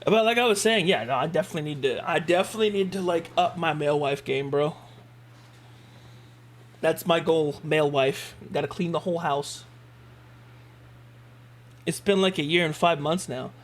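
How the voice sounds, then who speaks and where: Animated young man streamer, high voice. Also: normal speed, long pauses. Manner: animated, joking, laughs often, mock outbursts. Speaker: streamer host. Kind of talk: casual stream chat.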